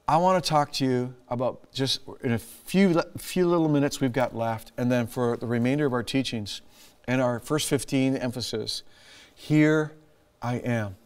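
A middle-aged man preaching a sermon, animated, laughing often and acting out lines in a raised voice. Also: mid-range voice, normal speed, smooth. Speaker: pastor.

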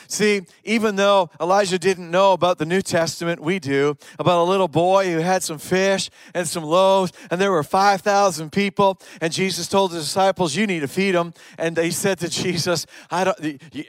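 Dry, smooth-voiced man preaching. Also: normal speed, hardly any pauses, no echo. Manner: animated preaching, pitch rising on emphatic questions. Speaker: pastor. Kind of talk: sermon.

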